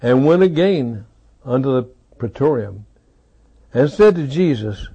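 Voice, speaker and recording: A man's voice: mid-range voice, lively intonation, measured pace, mellow, husky, muffled recording. A man preaching a sermon, with dramatic delivery and heavy repetition for emphasis.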